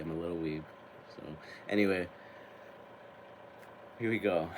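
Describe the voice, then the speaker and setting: A man in his twenties who hosts a tarot and spiritual channel, talking casually to camera, getting excited, laughing often and swearing now and then. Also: lowish voice, normal speed, long pauses.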